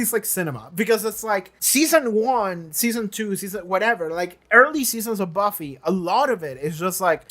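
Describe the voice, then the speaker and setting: A reaction-channel host talking casually in a question-and-answer vlog, animated and emphatic, with lots of filler words and casual swearing. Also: mid-range voice. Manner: acts out quoted lines in shifted voices.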